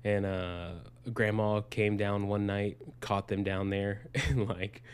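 A man's voice: fairly low pitch, flat delivery, slow, clear, resonant tone. A young man casually telling a rambling, profane story on a podcast, with lots of fillers. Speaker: podcast co-host. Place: Arizona.

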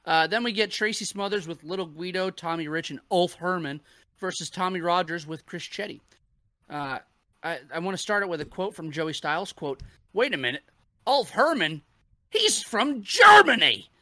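Male podcast co-host, bright and a bit high, dry mic, swears while recapping matches. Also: normal speed, no room sound. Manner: profane, laughing, animated recapping. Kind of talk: casual chat reviewing wrestling.

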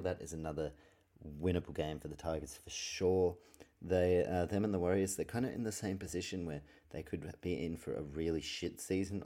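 A man with a deep, mellow voice records his podcast from his bedroom at night, chatting solo about sports. His talk wanders off topic often and is full of swearing.

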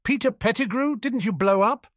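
A pompous official caught off guard, as a male narrator puts him on, his voice jumped high and blustering. He sounds flustered and self-important. Dry recording, faint music. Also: normal speed, a bit bright, dry recording.

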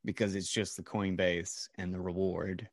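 A man's voice: sits low, flat delivery, moderate pace, no room sound, clean studio sound. A man hosting a casual podcast chat, rambling with many fillers and restarts.

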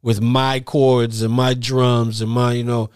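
A man's voice: medium pitch, flat delivery, slow, darkish tone, smooth, no room sound, studio quality. A man co-hosting a podcast in casual, slang-filled, profane banter. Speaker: podcast co-host. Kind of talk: casual chat.

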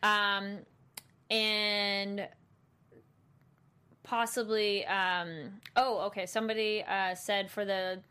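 A woman co-hosting a casual chat about a TV episode, talking it through and acting out quick reactions. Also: mid-range voice, little pitch movement, bright, forceful tone, clean tone. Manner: chatty, acts out reactions in quoted asides. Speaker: podcast co-host.

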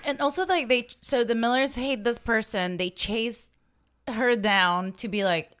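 A woman co-hosting a casual podcast chat, talkative and swearing casually in animated asides. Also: fairly high pitch, unhurried, clean tone. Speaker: podcast co-host.

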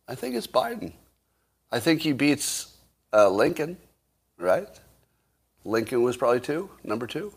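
A man's voice: medium pitch, big pitch swings, a little slow. Wry man musing through solo commentary. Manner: musing, rhetorical questions, wry chuckles.

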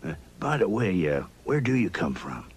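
An actor playing a friendly, chatty TV repair shop owner in a cartoon clip. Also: male voice, low voice, sing-song, moderate pace, husky, full character voice. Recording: cartoon clip played back.

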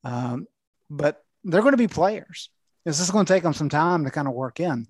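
Higher-voiced measured male reporter. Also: lively intonation, no room sound. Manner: measured, thoughtful explainer. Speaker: veteran sports reporter. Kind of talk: casual sports analysis.

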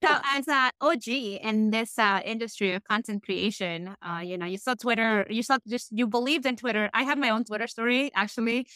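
A woman's voice: fairly high pitch, brisk, few pauses, pushed and bright, smooth, dry recording. A woman from Peru hosting a podcast, chatting casually and laughing often as she shares personal stories with her guest. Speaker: podcast host. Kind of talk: casual interview chat.

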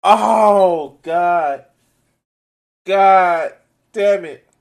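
A man giving casual, profane reaction commentary on a video, excitable and laughing often. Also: sits high, drawn-out words, creaky.

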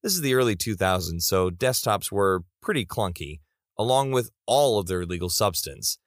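A man's voice: lowish voice, very animated, normal speed, no echo, clean studio sound. A man narrating reader stories in a comedic style, with playful asides.

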